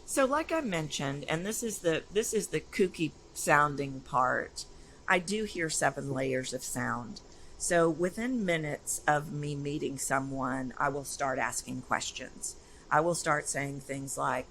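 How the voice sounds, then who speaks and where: A voice coach, a woman whose voice sits low, talks at a measured pace in a casual interview with poor audio and slight background noise. Her storytelling is animated, energetic, and emphatic.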